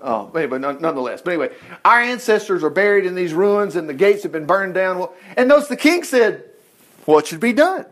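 Male preacher, conversational sermon, folksy and chatty, high voice with lively swings. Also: fairly quick. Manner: folksy, animated, self-interrupting, acting out scripture dialogue.

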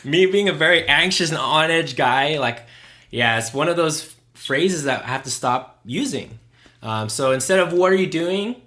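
A man's voice: fairly high pitch, expressive, normal speed, pushed and bright. A young adult man co-hosting a podcast, talking in an earnest, self-reflective casual way with frequent fillers. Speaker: podcast co-host. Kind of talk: casual chat.

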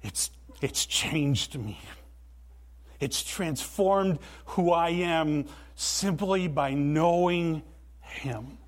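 A man preaching a sermon in a church, earnest and emphatic, with deliberate pauses. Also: on the high side. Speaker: pastor.

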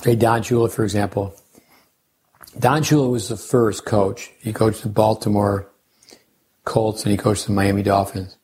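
A man's voice: fairly low pitch, steady tone, moderate pace, darkish tone, a little hiss or hum. An older man, a tennis coach hosting a podcast, talking casually and rambling through coaching lessons and side stories. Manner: rambling, anecdotal, with restarts and sidebars.

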